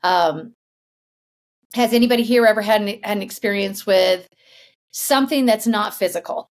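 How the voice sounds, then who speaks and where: A woman hosting a podcast, telling a story in a chatty, animated way and laughing as she goes. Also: mid-range voice, normal speed. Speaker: podcast host. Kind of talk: casual storytelling.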